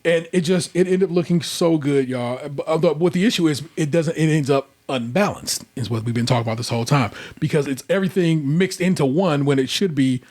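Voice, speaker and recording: A man's voice: on the high side, fairly quick, hardly any pauses, darkish tone. A man hosting a casual podcast, recapping in a rambling, conversational way with lots of fillers. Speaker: podcast host. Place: indoor room, recorded in person.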